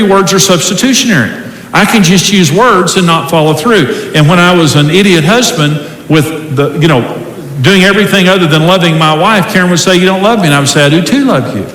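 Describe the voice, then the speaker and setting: A man's voice: high voice, fairly bright tone, slight background noise. A middle-aged man preaching a sermon with an emphatic, preacherly delivery, quoting scripture to a large church hall. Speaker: pastor. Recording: echoey hall recording with faint ambience.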